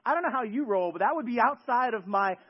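A man preaching a sermon, moving from hushed storytelling to loud, emphatic preaching, with joking asides. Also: extremely high pitch, animated, quick pace, slightly rough, muffled recording. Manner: joking, self-deprecating asides. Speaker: pastor.

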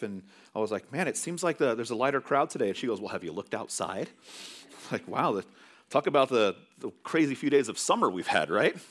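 Lively, chatty male pastor. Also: mid-range voice. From California. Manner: conversational storytelling with many restarts. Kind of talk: sermon.

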